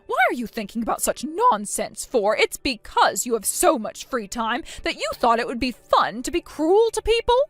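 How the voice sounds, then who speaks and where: A woman's voice: on the high side, sing-song, normal speed, hardly any pauses, fairly bright tone, dry recording, faint music behind. A woman playing a stern, scolding mother. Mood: contemptuous. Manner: harsh, contemptuous scolding. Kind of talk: voiced text-story drama.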